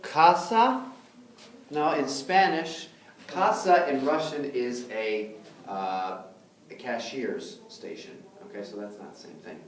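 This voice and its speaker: A man's voice: mid-range voice, slow, distant mic, slight background noise. A man teaching a language class, explaining patiently and often checking in with the students. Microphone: far camera. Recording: very echoey room, recorded from afar.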